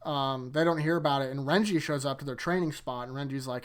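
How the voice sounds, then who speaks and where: A man's voice: mid-range voice, quick pace, clear, resonant tone, soft background music. A man hosting his own anime rewatch, recapping episodes in a loose, rambling way that trips over itself and keeps correcting itself. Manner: rambling, self-correcting, chuckles often.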